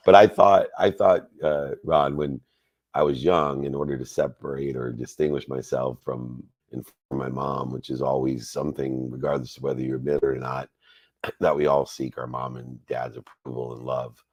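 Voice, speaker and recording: Very deep-voiced motivational man in his 50s. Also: level tone, moderate pace, vocal fry, slightly rough, no room sound. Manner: warm, effusive, motivational. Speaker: coach and host. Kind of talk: live Q&A talk on a call.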